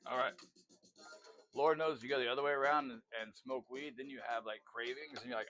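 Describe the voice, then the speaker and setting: A man's voice: mid-range voice, fairly even intonation, a little fast, a bit bright. A man chatting casually while cooking in a home video, rambling with lots of fillers and asides. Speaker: home cook vlogger. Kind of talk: casual cooking vlog chat.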